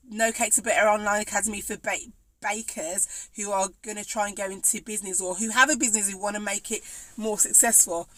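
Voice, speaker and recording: A woman with a Birmingham accent, a cake maker coaching viewers in an energetic, chatty live stream. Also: mid-range voice, dry recording, rough recording. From Birmingham, England. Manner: energetic and chatty, laughs often.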